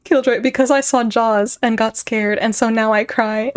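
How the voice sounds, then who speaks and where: A woman's voice: a little high, steady tone, moderate pace. A young woman streaming, chatting casually with her viewers, rambling and breaking into giggles often. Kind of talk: casual chat with live chat.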